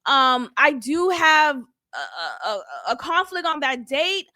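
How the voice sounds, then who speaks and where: A woman's voice: sits high, big pitch swings, slow pace, sharp tone, dry recording, clean studio sound. A young woman giving a sassy, blunt casual recap of a reality show as a channel host, with laughing asides. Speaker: reality TV reviewer.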